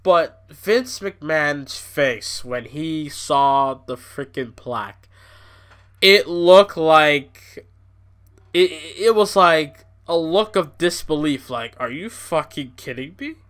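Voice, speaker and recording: A man hosting a podcast who rants in a loose, rambling way, swearing often and leaning on "you know." His voice sits high and sounds bright and sharp. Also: takes it slowly, clean tone. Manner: rambling, profane, excitable, fillers like "you know". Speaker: podcast host. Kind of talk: casual ranting commentary.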